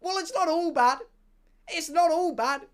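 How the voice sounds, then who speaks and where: A man's voice: very high-pitched, measured pace, fairly bright tone, voice pushed up. A man voicing a friendly, talkative woman Uber driver with folksy speech. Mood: coy.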